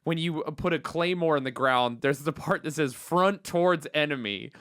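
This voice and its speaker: Smooth, higher-voiced blunt man. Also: a little fast, fairly bright tone, no room sound, studio quality. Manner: blunt and profane, sarcastic. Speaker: podcast co-host. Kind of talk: casual chat.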